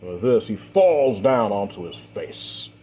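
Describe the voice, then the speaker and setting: A man with a low voice narrates a dark fantasy story, swelling in force on the action beats. He strings events together with repeated linking phrases, and a faint hum sits under the recording. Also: big pitch swings, a little slow. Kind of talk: dramatic fiction narration.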